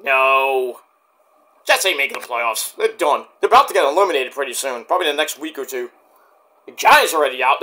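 A man's voice: high-pitched, sharp tone. A man giving a rambling, profane, casual review of a wrestling event.

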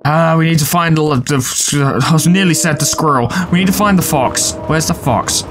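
A man talking his way through a video game in loose, rambling commentary and swearing freely. His voice sits a touch higher than most men's. Loud game music plays behind him. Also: normal speed. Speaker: let's play host. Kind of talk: casual gameplay commentary.

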